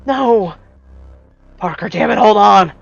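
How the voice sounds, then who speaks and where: A desperate young hero, shouting urgently, as a man voices him in a storybook game. The sound is a bit dull, with game music playing behind. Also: sits high, animated, slow pace, vocal fry, voice pushed up, full character voice.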